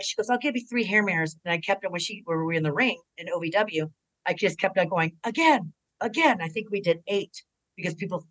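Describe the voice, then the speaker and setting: A middle-aged woman, a retired pro wrestler, telling stories in a casual interview, animated and jumping higher when she quotes people. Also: rough recording.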